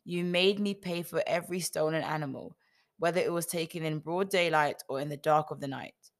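A worn, aggrieved herdsman, read by a woman defiantly counts up his years of hard work. The voice is low and close to a plain storybook reading. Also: brisk.

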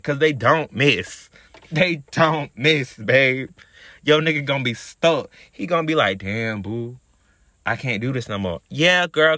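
A man's voice: medium pitch, sharp tone. A man hosting a podcast, telling a story in a sassy, profane, chatty monologue. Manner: sassy, profane, chatty, calls listeners girl. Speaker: podcast host.

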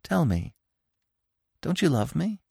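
A man's voice: on the high side, big pitch swings, takes it slowly, creaky, darkish tone, slightly rough, no room sound, studio quality, voice pushed up, full character voice. A man reading a storybook and voicing a young male deer who pleads eagerly. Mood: pleading.

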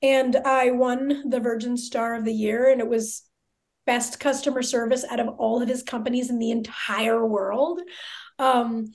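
This voice belongs to a woman in her thirties who sits for an interview and tells a story at a high pitch. She talks casually and excitably, and her sentences keep circling back through filler words. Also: a little slow. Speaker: podcast guest.

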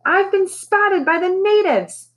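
Woman putting on a cranky female parrot, shrill, squawking, indignant, storybook. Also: expressive, slow, a bit bright, full character voice. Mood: alarmed. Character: grumpy bossy female parrot messenger.

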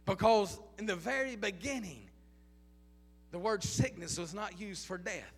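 Gravelly high-voiced preacher in a reverberant church. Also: male voice, a little slow. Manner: repetitive rhetorical questions, rising to chanted intensity. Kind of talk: preaching a sermon. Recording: long hall reverb.

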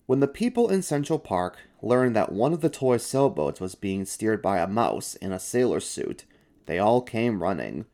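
A man reads a children's book aloud in an animated, expressive storytelling manner. His voice sits low but moves through a wide, lively range. He greets his young listeners warmly as host.

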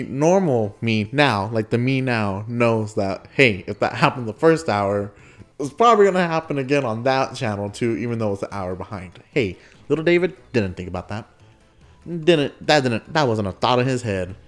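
Animated young man telling stories. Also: mid-range voice. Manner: animated, laughs often, acts out quotes. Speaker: podcast host. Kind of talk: casual storytelling monologue.

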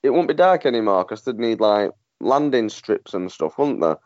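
A man's voice: lowish voice, sing-song, normal speed, a little mellow, no echo, lo-fi sound. A man, a guest on a podcast, chatting casually and playfully over a phone connection. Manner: playful, jokey, asks naive questions.

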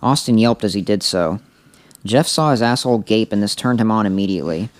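A man co-hosting a podcast, reading a story aloud in a deadpan way with joking asides. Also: lowish voice, brisk, no echo. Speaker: podcast co-host.

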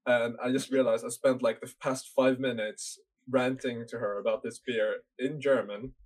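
A man's voice: medium pitch, normal speed. A young man hosting a casual chat, telling an anecdote and asking questions. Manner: relaxed storyteller, asks interview questions. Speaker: host.

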